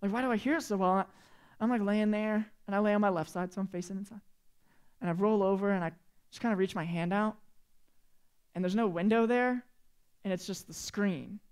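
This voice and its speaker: A youth pastor in his late twenties tells students a funny story in a chatty, animated way, acting out the quotes with big swings in volume. His clean-toned voice is high-pitched and fairly quick, broken up by long pauses.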